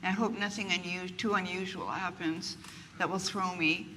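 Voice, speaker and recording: A woman's voice: lowish voice, moderate pace, background noise. An older woman speaking candidly in an interview, telling self-mocking stories and acting out what people say, before a live group. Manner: animated, self-mocking, acts out quotes. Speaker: guest author. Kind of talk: candid conversational storytelling. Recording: distant reverberant room, faint ambience.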